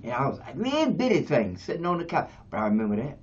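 A man in his seventies preaching a sermon as pastor, shifting between quiet talk and shouts. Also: huge pitch swings, fast talker, very noisy. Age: 70s. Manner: preaching, swings from low to shouting. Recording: dull lo-fi radio sound.

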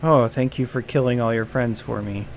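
A man's voice: mid-range voice, fairly even intonation, moderate pace, a little hiss or hum. A man giving comedic gameplay commentary, jumpy and self-mocking, yelping and groaning whenever danger shows up. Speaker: gaming video creator.

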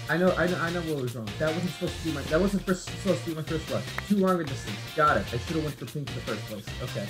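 A gameplay commentator talking live over play, self-mocking, looping the same phrase again and again and swinging from low mutters to high yelps. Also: fast, hardly any pauses. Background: game music.

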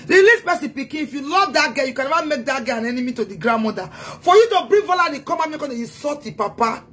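A woman's voice: sits high, expressive, quick pace, a bit bright. A woman with a Nigerian accent delivering a heated, taunting social media rant as a self-styled activist. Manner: taunting, scolding, emphatic.

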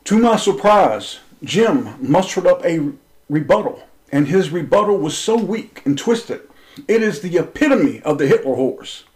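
An intense man with a somewhat high voice tells a story straight to his listeners. He is confrontational and swears freely. His delivery swings between a raised voice and a low grumble. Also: sing-song, measured pace, a little mellow, low-quality recording. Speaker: online preacher telling a personal story. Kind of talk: impassioned storytelling monologue.

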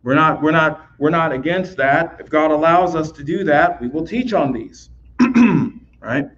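On a dull, lo-fi recording of a Bible lesson, a teacher with a slightly high, fairly bright male voice explains scripture in an animated but measured way. His style is loose and conversational, full of repeated words and "right?" check-ins.

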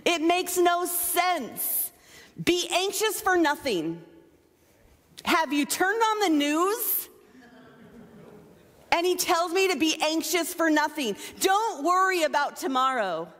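Woman pastor, high voice, lively playful sermon delivery, long hall reverb. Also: takes it slowly, long pauses. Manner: animated, playful, self-mocking asides. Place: church sanctuary.

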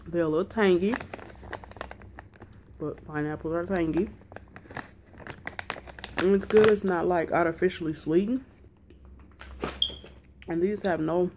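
A lower-pitched woman talks straight to her viewers in a chatty, excitable way, calling them y'all as she does a taste-test vlog at home. A faint hiss sits under the recording. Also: unhurried, pauses often. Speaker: vlogger. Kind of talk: casual unboxing and taste-test chat.

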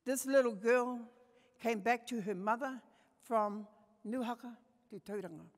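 An older woman with a New Zealand accent, giving a passionate personal storytelling talk at a conference, moving between soft and emphatic. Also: a little high, unhurried. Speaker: conference speaker. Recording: long hall reverb.

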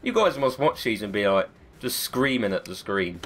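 A man's voice: fairly low pitch, big pitch swings, moderate pace, fairly bright tone, slight background noise. A man with a cold, giving chatty, self-mocking let's-play commentary and swearing often. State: has a cold. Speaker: gaming video host.

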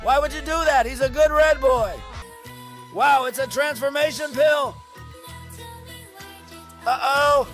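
A man hosting a reaction video, loudly reacting and yelling at the clips he watches. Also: very high-pitched, steady tone, slow, pauses often, soft background music. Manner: loud, yells at the screen, laughs. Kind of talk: excited reaction commentary.

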